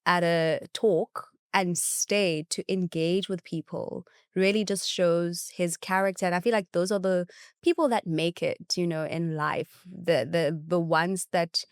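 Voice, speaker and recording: A woman's voice: fairly low pitch, steady tone, measured pace, clean tone, dry recording, studio quality. A woman hosting a podcast, chatting with her guest in an effusive, affirming way. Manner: warm, effusive, many affirming interjections. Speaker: podcast host. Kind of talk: casual podcast interview.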